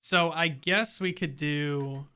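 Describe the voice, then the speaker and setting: A man's voice: a little high, slow pace, sharp tone. A man streaming a video game, joking and laughing often in casual commentary. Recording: game music playing clearly behind.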